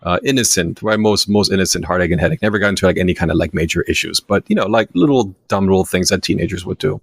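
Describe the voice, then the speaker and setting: A man's voice: deep voice, quick pace, vocal fry, dry recording, studio quality. A middle-aged man from Germany, a podcast guest telling rambling, self-deprecating stories from his youth. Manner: rambling, self-deprecating, acts out quoted voices. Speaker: guest storyteller. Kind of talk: casual storytelling.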